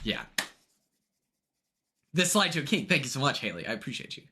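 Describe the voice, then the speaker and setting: A young man chatting casually on a live stream, excitable and chatty, greeting viewers by name from his home. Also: mid-range voice, a little fast, slight background noise.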